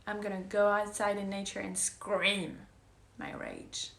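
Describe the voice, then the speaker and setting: A woman's voice: medium pitch, wildly swooping pitch, unhurried, creaky, fairly bright tone, roomy sound. A woman coach talking earnestly in a casual heartfelt monologue, pressing her points and sometimes sinking to a whisper. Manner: earnest, emphatic, drops to whispers. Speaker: wellness coach.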